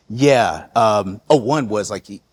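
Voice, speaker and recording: A man in his forties with a low, husky voice, talking as a podcast guest. He tells his stories loosely, circling back with fillers and restarts. His tone is easygoing and conversational. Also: dry recording. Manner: relaxed, storytelling with many fillers and restarts. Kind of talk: reflective interview storytelling.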